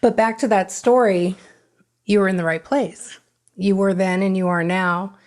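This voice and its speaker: A middle-aged woman appears as a podcast guest and recounts her recovery story frankly and with deep emotion. At times she re-enacts things she once said, slipping back into the voice she had then. Her voice is medium-pitched, steady and a little mellow, at a measured pace.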